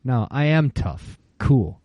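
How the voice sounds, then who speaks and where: A man in his late forties chatting casually on a podcast, telling stories and acting out quotes in higher voices. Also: sing-song, slow pace, dark tone, dry recording, dull audio. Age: 40s. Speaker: podcast co-host. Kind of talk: casual chat.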